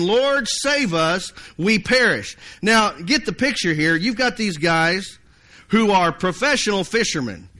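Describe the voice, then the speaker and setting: A man's voice: sits high, fairly bright tone. A man preaching a sermon, folksy and storytelling, sometimes acting out panicked voices. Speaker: pastor.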